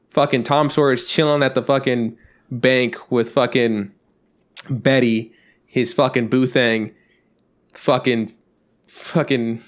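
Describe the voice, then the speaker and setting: Male podcast co-host, casual and animated, swears a lot while telling stories. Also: medium pitch. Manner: animated storyteller, swears freely. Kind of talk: casual chat.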